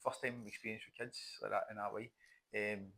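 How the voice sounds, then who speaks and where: Quick-talking podcast host. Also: male voice, fairly low pitch, steady tone, gravelly, pushed and bright. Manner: chatty, agreeable, short replies. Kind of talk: casual podcast chat.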